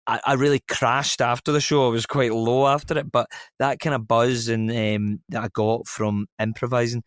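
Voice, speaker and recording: A man's voice: mid-range voice, normal speed, clear, resonant tone, no room sound, studio quality. A young Scottish man, an actor, chatting in an interview, telling stories with lots of ums and restarts. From Scotland. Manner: relaxed storytelling, many ums and restarts. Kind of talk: casual interview chat.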